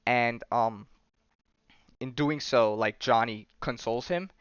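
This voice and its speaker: A man's voice: medium pitch, slow, fairly bright tone, clear, resonant tone, no echo, lo-fi sound. A man hosting a podcast, recapping comics in casual chat full of fillers and restarts. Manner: rambling, many fillers and restarts. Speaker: podcast host.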